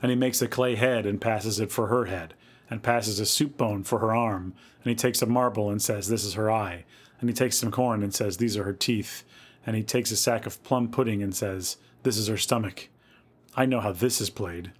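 Male reader as know-it-all child, eager listing, low and plain, storybook. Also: moderate pace, lightly acted. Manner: eager, rattling off a list.

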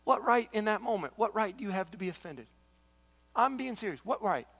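A middle-aged man, a pastor preaching a sermon, telling a story with big swings from loud exclamations to hushed, intense asides. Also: high-pitched, expressive, fairly quick. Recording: echoey large hall.

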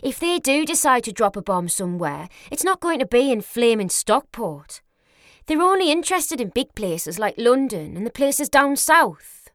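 Woman putting on a loud geordie nurse, young, brash, pitched up, dry sound. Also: moderate pace, no echo. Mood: excited, scoffing. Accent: Newcastle. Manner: brash, excitable, blunt.

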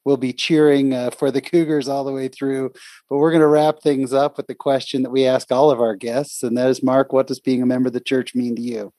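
A man's voice: mid-range voice, level tone, brisk, warm tone, dry recording, clean studio sound. A man hosting an interview podcast, enthusiastic and effusive with praise for his guest. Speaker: podcast host.

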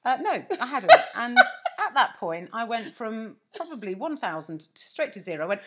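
A woman in a relaxed chat who tells funny stories against herself and acts out what each person said. Her voice is bright and slightly husky, with lots of ups and downs in pitch. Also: moderate pace. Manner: self-mocking storytelling, acts out both sides of conversations. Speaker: podcast co-host and comedian. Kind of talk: casual chat.

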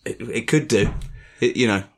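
A man hosting a comedy podcast, playful and teasing with mock-flirty bits, chatting in a hot room in his flat on a desk microphone. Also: mid-range voice, normal speed. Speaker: podcast host. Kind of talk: casual comedy podcast chat. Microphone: USB desk microphone.

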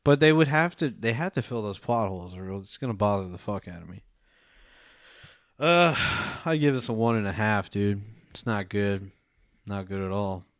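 Young dude reviewing a movie, rambly, cusses constantly, dry close sound. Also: male voice, lowish voice, expressive, normal speed, dry recording. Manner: rambling, lots of fillers, swears often. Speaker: podcast co-host reviewing a film. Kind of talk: casual profane chat.

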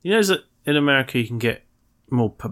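A man's voice: mid-range voice, expressive, fast, a bit bright. A man co-hosting a podcast, answering in short, dry and teasing remarks. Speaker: podcast co-host. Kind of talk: casual chat.

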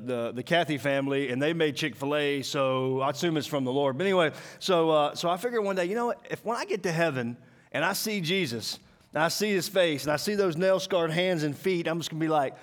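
A man from Mississippi with a Southern accent, giving a lively, joking sermon to a school audience. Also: a little high. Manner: animated, joking, drawling, talks to the crowd. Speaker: guest speaker. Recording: long hall reverb.

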